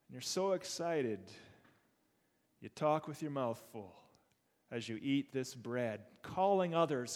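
Man preaching slow, lots of rhetorical questions, big echo in a church hall. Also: mid-range voice. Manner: rhetorical questions, building excitement. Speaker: pastor. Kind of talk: sermon. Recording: long hall reverb.

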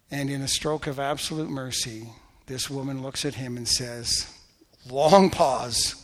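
A man pastor preaching a sermon before a congregation, telling a story earnestly and praying with fervor, with soft, intense drops. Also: mid-range voice, measured pace. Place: church sanctuary before a congregation. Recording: echoey church hall.

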